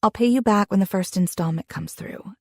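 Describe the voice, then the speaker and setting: A young woman reading a first-person romance audiobook in an expressive, intimate way, with a husky voice. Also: medium pitch, fairly quick, no echo, studio quality. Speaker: audiobook narrator.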